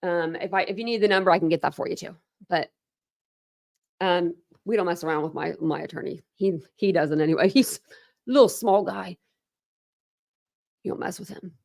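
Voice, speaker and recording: A woman's voice: fairly low pitch, brisk, vocal fry, a little mellow. Woman, true crime YouTuber, indignant, exasperated, reads documents aloud and talks back at them. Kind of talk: reading court documents aloud with heated commentary.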